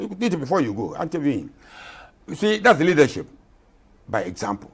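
A man's voice: mid-range voice, sing-song, fast, husky. A man in his eighties from Ghana, a retired general speaking as a guest in an interview, impassioned and emphatic, repeating himself for stress. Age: 80s.

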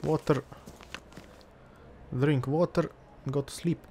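A man with a gravelly, fry-laden voice narrates his survival game as he plays, half muttering to himself and coaxing the game along. Faint noise hums under the recording. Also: on the high side, fairly even intonation, slow pace, mellow. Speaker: let's play gamer. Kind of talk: casual gameplay commentary.

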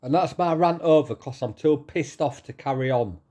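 A middle-aged man ranting angrily to his viewers, swearing, repeating himself and pausing to calm down. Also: fairly high pitch. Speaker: vlogger. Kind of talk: angry rant to camera.

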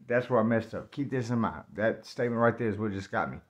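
A man telling a story about himself in slangy, animated speech that jumps into loud acted-out outbursts. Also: fairly low pitch, fast, few pauses. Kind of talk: casual spoken storytelling.

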